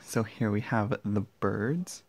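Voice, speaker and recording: A young man unboxing and walking through a card deck at home, excitable and gushing, often dropping to a hushed voice so his family won't hear. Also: lowish voice, slow. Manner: excitable, gushing, drops to whispers; talks quietly with family nearby. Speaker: tarot vlogger. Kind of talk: casual unboxing vlog. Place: indoor room at home.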